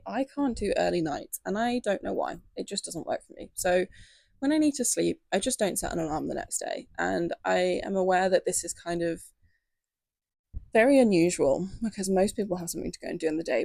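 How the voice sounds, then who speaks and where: A young woman talking casually to camera in a gentle, chatty way, full of fillers and little asides. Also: fairly low pitch, vocal fry, no room sound. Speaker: lifestyle video creator.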